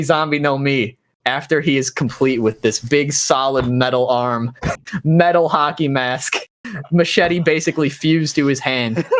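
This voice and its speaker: A man's voice: medium pitch, a bit bright, slight background noise. A man narrating as game master of a tabletop game, laughing often as he tells the scenes.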